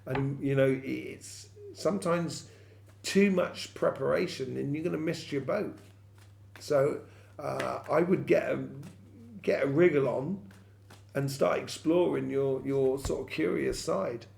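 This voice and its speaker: A man with a very gravelly, creaky voice talks through a tarot reading for his viewers. He rambles, hesitates and circles back with plenty of ums and you-knows. His pitch sits in an ordinary middle range. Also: slow, darkish tone. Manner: rambling, many fillers and restarts. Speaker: tarot reader.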